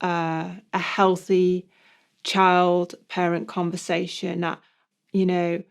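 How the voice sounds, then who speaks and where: A man co-hosting a reflective podcast discussion, explaining ideas in a measured way. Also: high-pitched, monotone, creaky, clean tone. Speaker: podcast co-host.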